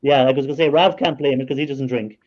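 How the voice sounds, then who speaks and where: A man's voice: medium pitch, steady tone, fast talker, highs cut off. An Irish man hosting a live stream, telling stories in a chatty way and laughing often. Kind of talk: casual storytelling chat.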